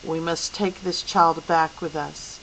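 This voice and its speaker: A woman reading a novel aloud voices a gentle, grave alien beast who speaks slowly and calmly. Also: low voice, slight background noise, heavily acted, rough recording. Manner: slow, measured and calm.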